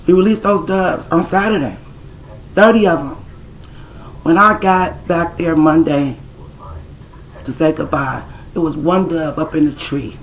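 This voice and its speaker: A woman's voice: sits low, measured pace, long pauses, slight background noise, poor audio. A woman telling a personal spiritual story to her viewers in a casual, blunt, streetwise way, cursing now and then. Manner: blunt and streetwise, swears, talks straight to the camera's audience. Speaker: self-described spiritual intuitive.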